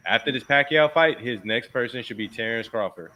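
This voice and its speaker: A man's voice: mid-range voice, normal speed, hardly any pauses, pushed and bright, a little hiss or hum. A man co-hosting a casual sports podcast, arguing his picks with emphatic slang. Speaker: podcast co-host.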